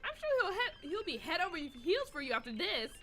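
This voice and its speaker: A woman's voice: very high voice, big pitch swings, fairly quick, pushed and bright, slight background noise, full character voice. A woman voicing a feisty, prickly teen girl club member, reading game dialogue aloud with snappy, indignant retorts.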